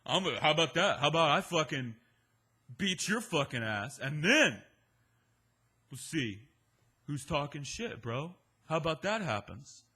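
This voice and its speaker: A man's voice: fairly low pitch, moderate pace, bright, forceful tone, husky, voice pushed down. A man voicing a belligerent, macho drunk man who swears and makes threats. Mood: threatening.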